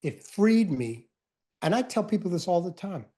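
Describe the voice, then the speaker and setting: A middle-aged man, a guest author and speaker, telling his personal story in an earnest, reflective and unhurried way, leaning hard on key words. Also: sits high, very animated, mellow.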